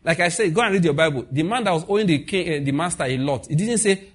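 Quick-paced, husky and a little high, this middle-aged Nigerian-accented preacher delivers a conversational sermon. He is animated, voices the dialogue he quotes, and asks the audience questions.

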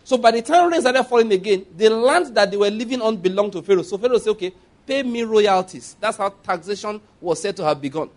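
A male preacher with a notably high voice delivers a sermon in a loose, conversational way. He throws questions back at the congregation and drifts into chatty asides. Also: animated, fast, hardly any pauses. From Nigeria. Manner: conversational preaching with asides and laughter, call-and-response.

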